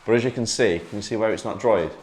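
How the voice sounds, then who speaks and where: A British man chatting casually in a vlog, upbeat and joking, talking in quick bursts. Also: on the low side, a little mellow, slightly rough. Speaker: property investor vlogger.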